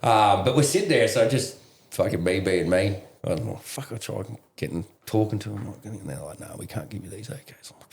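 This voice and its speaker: A man's voice: fairly low pitch, moderate pace, creaky, reverberant, a little hiss or hum. Swearing Australian man telling stories. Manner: profane, laughing, animated storyteller. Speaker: veteran guest. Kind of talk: casual storytelling.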